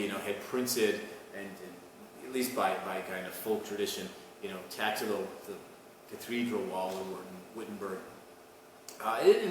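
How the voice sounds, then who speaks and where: A man with a fairly low voice gives a casual history lecture to students, often adding "okay?" and restarting his phrases. He sounds far from the mic in a very echoey room with a long reverb. A clear layer of background noise runs under his voice. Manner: conversational, asks "okay?" and "right?" often, with restarts. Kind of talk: recorded college lecture.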